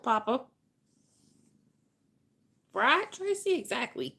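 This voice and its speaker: Woman, livestream host, casual chat, laughs a lot, slight vocal fry, mid pitch. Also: expressive, unhurried. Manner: chatty, laughs often.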